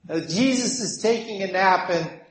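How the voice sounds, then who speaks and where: This high-voiced man speaks at a moderate pace while delivering a sermon. His storytelling is animated, and he performs the characters' voices himself, all recorded in a room with noticeable echo.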